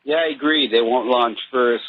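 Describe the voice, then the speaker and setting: A man calling in to a radio talk show, halting and using "like" and "you know.". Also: mid-range voice, no echo. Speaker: caller. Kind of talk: phone-in talk. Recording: tinny phone line with faint noise.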